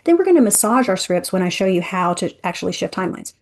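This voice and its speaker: A woman leading an interactive energy workshop, talking in a chatty, expressive way and speaking straight to her listeners. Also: medium pitch, quick pace.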